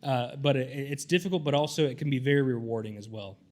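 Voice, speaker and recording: A man's voice: mid-range voice, fast, a little mellow. Southern-raised man, panelist, loose rambling answer. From southern United States. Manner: rambling, repeats words at starts.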